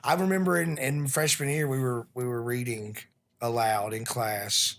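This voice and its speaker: A man's voice: mid-range voice, steady tone, moderate pace, fairly bright tone. A man in casual chat, telling stories in an earnest way. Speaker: co-host.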